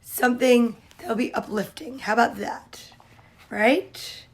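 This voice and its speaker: A woman hosting a casual livestream, greeting viewers by name and chatting in a cheerful, drawn-out way. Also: a little high, fairly even intonation. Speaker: livestream host.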